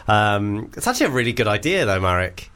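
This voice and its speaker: A man's voice: on the low side, very animated, quick pace, fairly bright tone. Male radio co-host, jokey, reads listener mail with giggles. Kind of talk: comedy radio banter. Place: radio studio.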